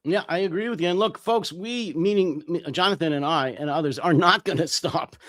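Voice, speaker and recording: Angry blunt man, hoarse. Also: fairly high pitch, fairly quick, fairly bright tone, no echo, clean studio sound. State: voice worn out. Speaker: co-host. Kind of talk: heated political commentary.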